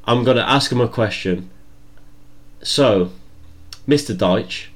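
A man's voice: mid-range voice, slow, long pauses. A young man co-hosting a casual podcast over a video call, blunt and sweary in his banter. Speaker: podcast co-host. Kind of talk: casual chat.

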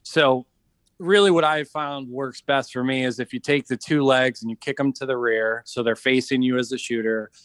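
Animated storytelling man, dry sound. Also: medium pitch, moderate pace, no room sound. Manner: animated storyteller, acts out quoted voices. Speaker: podcast guest, veteran entrepreneur. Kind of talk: casual storytelling chat.

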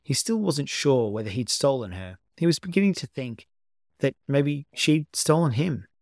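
A man narrating a story as an amateur audiobook reading, at a steady, unhurried storytelling pace. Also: mid-range voice, no room sound, clean studio sound.

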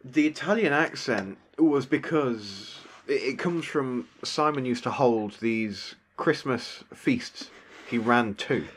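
A man's voice: medium pitch, slow, husky. A man with an English accent, co-hosting a podcast in casual, rambling chat with a self-deprecating streak. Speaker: podcast co-host.

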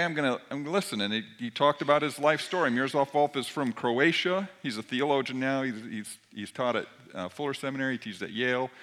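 A man, a pastor giving a sermon in a relaxed, conversational storytelling way. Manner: conversational storytelling, varied pitch.

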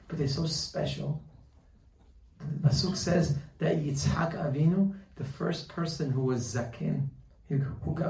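A man giving a Torah lesson, telling a story with lively quoted voices. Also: a little high, gravelly, reverberant, far from the mic, rough recording. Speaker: Torah teacher. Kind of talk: sermon with storytelling.

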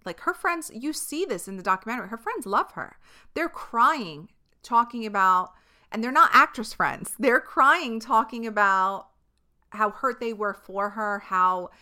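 Bright, crisp New York woman. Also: medium pitch. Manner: chatty, frank, swears, lots of filler words. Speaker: podcast host. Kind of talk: casual solo podcast monologue.

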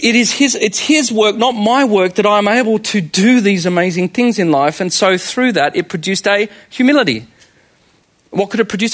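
An Australian man in his thirties preaches with a high, light voice. He is animated, puts rhetorical questions to the congregation and laughs often as he goes. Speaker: pastor. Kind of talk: sermon.

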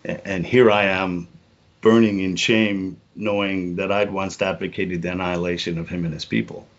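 A middle-aged man telling a personal story as a podcast guest, earnest and halting, often repeating words and saying "you know". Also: low voice, level tone, muffled recording.

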